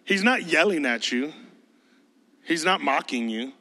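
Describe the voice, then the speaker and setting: A man's voice: a little high, lively intonation, unhurried, pushed and bright, long reverb tail. A man preaching a sermon as a pastor, emphatic and conversational, breaking into mocking impressions.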